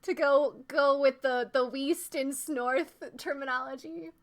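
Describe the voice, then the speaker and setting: A woman live-streaming a game, chatting casually and excitedly with frequent laughs. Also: sits high, a little slow. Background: game music.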